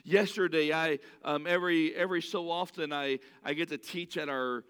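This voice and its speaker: A man's voice: fairly high pitch, steady tone, moderate pace, fairly bright tone, clear, resonant tone. A man preaching an earnest, conversational sermon, telling stories and asking the listeners questions directly. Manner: earnest, storytelling, asks the crowd directly. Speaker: pastor. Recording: long reverb of a large hall.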